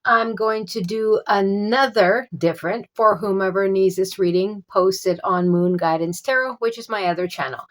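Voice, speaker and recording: A woman giving a casual tarot reading. She gropes for words with many fillers and keeps offering calm reassurance. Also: mid-range voice, moderate pace, hardly any pauses. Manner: reassuring, repeats soothing phrases. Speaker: tarot reader.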